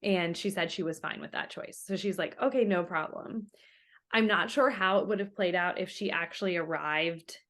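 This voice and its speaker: A woman's voice: on the low side, a bit bright. A young woman telling her story as an interview guest in a casual, chatty way, full of fillers and quoted remarks.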